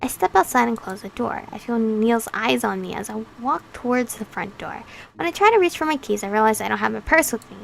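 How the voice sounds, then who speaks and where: A woman's voice: a little high, expressive, fairly quick, creaky. A woman reading a visual novel aloud as its heroine, breaking off for playful, chatty asides. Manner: playful, chatty asides between read lines. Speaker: game channel host.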